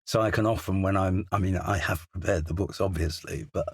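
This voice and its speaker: A man's voice: deep voice, steady tone, fairly quick, gravelly, slightly rough, no room sound. An older English man, a crime novelist, chatting as a studio guest with a hesitant, self-deprecating manner full of restarts and asides. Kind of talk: casual interview chat. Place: recording studio.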